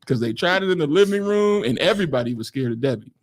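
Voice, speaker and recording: A man's voice: fairly high pitch, animated, quick pace, a crowd in the background. A man co-hosting a casual chat, telling a family story with sound effects and voices and laughing often as he talks. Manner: laughs often while talking. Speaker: podcast co-host.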